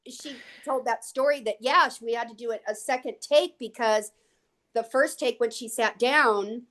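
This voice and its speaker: A woman guest on an interview show, telling lively anecdotes and acting out what people said. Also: a little high, moderate pace. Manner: lively, animated anecdotes with acted quotes. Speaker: guest actress. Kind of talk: casual interview storytelling.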